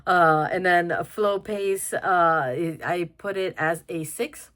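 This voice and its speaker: A young woman gives a relaxed, chatty film review, speaking slowly in a slightly low voice. She keeps circling back with fillers and restarts and breaks into laughter along the way, all in the style of a casual spoken review.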